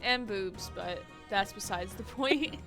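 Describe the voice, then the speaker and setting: Woman streamer, casual giggly chat, bright tense voice, faint game music. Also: medium pitch, slow pace. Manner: giggly, scattered.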